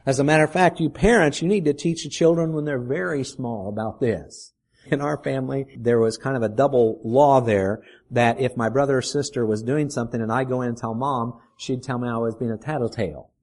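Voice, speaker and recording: A man's voice: medium pitch, steady tone, darkish tone. Earnest middle-aged male preacher. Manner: earnest preaching, rising questions, slows to stress points. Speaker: pastor. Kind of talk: sermon.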